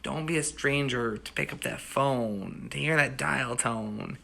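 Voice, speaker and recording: Casual storyteller, man, 30s, American, bright gravelly voice, rambles warmly through anecdotes. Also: medium pitch, measured pace, slight background noise. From United States. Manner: rambling, with frequent restarts and "you know". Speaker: storyteller and host.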